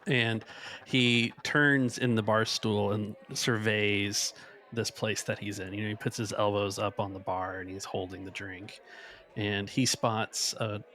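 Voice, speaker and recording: A man plays a tabletop game, describing his character's moves and speaking for him in a friendly, animated way. His voice is bright and forceful and sits a little low. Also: measured pace. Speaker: player.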